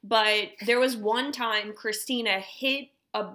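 A woman's voice: on the high side, steady tone, takes it slowly, bright, forceful tone. A woman in her thirties co-hosting a casual podcast at home, laid-back and teasing, laughing often. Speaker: podcast co-host. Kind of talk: casual chat.

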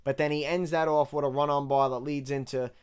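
A man casually breaking down rap lyrics bar by bar, candid and relaxed as he counts the rhymes. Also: fairly high pitch, brisk, smooth. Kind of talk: casual analytical commentary.

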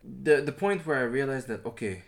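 A young man from Sudan chatting casually as a podcast co-host, relaxed and rambling with fillers and restarts. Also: medium pitch, moderate pace, vocal fry. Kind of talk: casual chat.

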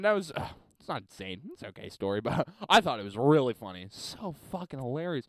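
A man's voice: medium pitch, big pitch swings, fairly quick, a bit bright, no room sound. Profane rambling man hosting a podcast. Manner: rambling, profane, laughs at his own story. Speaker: podcast host. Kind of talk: casual solo podcast storytelling.

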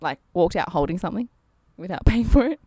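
A young woman co-hosts a casual podcast, teasing her friend and laughing often. Her voice swoops up and down with lively energy. The sound is dry and close. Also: fairly low pitch, fast talker, breathy edge, no echo. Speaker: podcast co-host. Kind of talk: casual chat.

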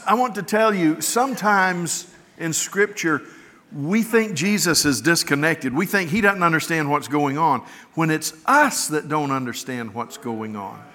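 A man's voice: on the high side, expressive, measured pace, sharp tone, slight background noise. A middle-aged man preaching a sermon as a pastor, telling stories in a folksy, earnest, conversational way. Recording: long reverb of a large hall.

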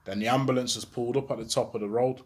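A young man, casually telling his own story in a slangy, rambling, animated way. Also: mid-range voice, fast, husky.

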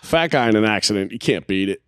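A man's voice: on the low side, expressive, fast talker, a bit bright, smooth, no echo, studio quality. A man hosting a podcast in casual, profane, rambling chat, blunt and crude. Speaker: podcast host.

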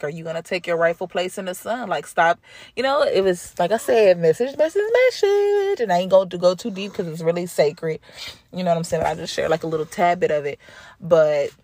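A woman's voice: on the low side, no echo. A woman hosting her own podcast, telling a travel story in a chatty, slangy way, swearing and laughing often. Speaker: podcast host. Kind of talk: casual spoken travel update.

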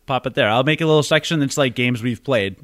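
A man co-hosting a casual podcast, full of quick, joking asides about the show. His voice is recorded very close and dry, with no room sound. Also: medium pitch, fairly bright tone, no echo. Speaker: podcast co-host.

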